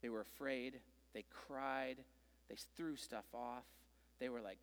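A man preaching a sermon, telling a Bible story with animated, conversational delivery and playful acted-out voices. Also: mid-range voice, takes it slowly, long reverb tail. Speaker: pastor.

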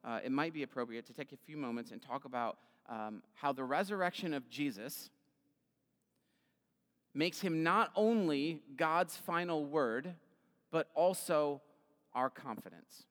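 A man's voice: fairly high pitch, measured pace, a bit bright. A man preaching an Easter sermon as pastor, retelling scripture in a casual, conversational way with fillers. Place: church sanctuary. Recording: long hall reverb.

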